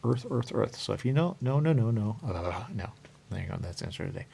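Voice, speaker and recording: A man's voice: lowish voice, expressive, a little fast, creaky, warm tone, slight background noise. A man hosting a talk show in a rambling, repetitive monologue, looping back on the same phrases and drifting into sing-song murmurs. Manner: rambling and repetitive, keeps saying "there you go". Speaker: radio show host.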